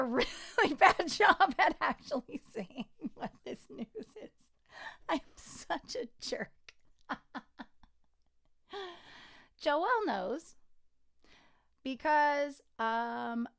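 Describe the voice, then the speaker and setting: A smooth, clear-voiced woman pitched a little high chats on a casual livestream. She is a singer-songwriter, excitable and giggly, and rambles from one thought to the next.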